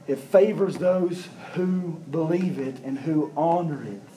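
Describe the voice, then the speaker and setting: A man's voice: fairly high pitch, takes it slowly, dark tone, slight background noise, low-quality recording. A man preaching a sermon as pastor, building emphasis through repeated phrases.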